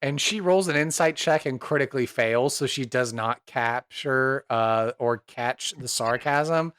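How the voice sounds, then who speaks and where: A man's voice: medium pitch, unhurried, fairly bright tone, clear, resonant tone, dry recording, clean studio sound. A man running an upbeat, rambling tabletop game. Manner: rambling, filler-heavy, upbeat. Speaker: game master.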